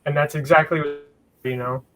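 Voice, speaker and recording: A man's voice: fairly high pitch, level tone, fairly quick, fairly bright tone, low-quality recording. A man co-hosting a casual live stream, mostly giving short agreeing replies and brief explanations.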